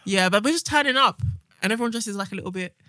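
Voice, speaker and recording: A young woman, co-hosting a podcast and telling stories with animated acted-out quotes. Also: mid-range voice, fast, no room sound, studio quality. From England. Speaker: podcast co-host. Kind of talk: casual chat.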